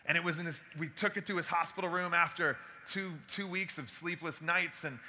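Bright-voiced male storyteller. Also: a little high, brisk, slight background noise. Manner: animated, acts out dialogue. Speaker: speaker giving a talk. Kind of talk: storytelling talk to an audience.

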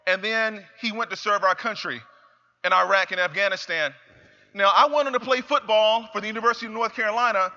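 A young man giving an emphatic motivational speech, repeating phrases and building up to shouts. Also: sits high. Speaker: motivational speaker. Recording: reverberant hall, slightly dull sound.

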